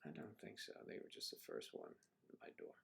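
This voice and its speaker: A man's voice: brisk, fairly bright tone. A middle-aged man hosting a casual livestream, joking and chatting with viewers and reading out their comments. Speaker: livestream host.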